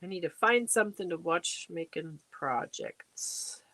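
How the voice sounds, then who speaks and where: A woman's voice: on the low side, expressive, measured pace, pushed and bright, dry recording. Chatty middle-aged woman hosting a livestream. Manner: chatty, reads out viewer comments and answers them. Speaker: livestream host. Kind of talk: casual livestream chat. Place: home crafting space.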